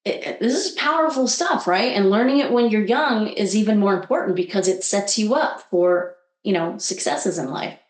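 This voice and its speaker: Animated woman coach telling stories. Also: mid-range voice, moderate pace, roomy sound. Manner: animated, acts out quoted voices. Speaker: guest coach. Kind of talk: conversational storytelling.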